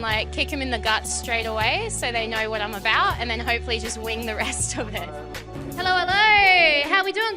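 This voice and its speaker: A woman stand-up comedian, brash and bawdy, talking confidently to a club crowd. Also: sits high. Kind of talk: stand-up set and interview.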